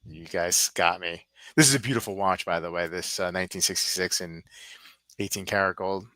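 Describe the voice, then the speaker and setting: A man's voice: low voice, a little fast, sharp tone, no room sound. A man hosting a casual live stream, rambling and thinking aloud as he browses.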